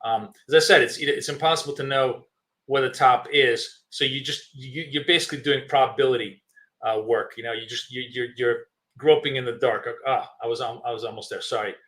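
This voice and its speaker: Bright-voiced man talking through live trades. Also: mid-range voice, steady tone, brisk. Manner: thinking aloud, many fillers and restarts; chewing gum while talking. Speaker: trading stream host. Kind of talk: live trading commentary.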